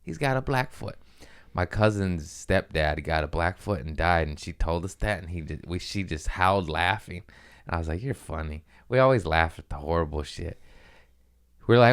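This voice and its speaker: A young man talking in a casual comedic monologue, joking and swinging into loud character voices. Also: low voice, moderate pace, smooth. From Mexican-American family. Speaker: comedian podcast host.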